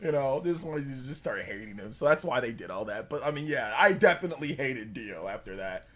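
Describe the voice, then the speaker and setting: A young man chatting casually on a live stream, animated, laughing often and breaking into high character voices. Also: a little fast.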